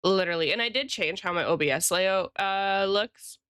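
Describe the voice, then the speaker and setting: A woman's voice: mid-range voice, moderate pace, fairly bright tone, clear, resonant tone, no room sound, studio quality. A woman streamer and illustrator chatting casually with her live viewers, rambling and greeting them by name.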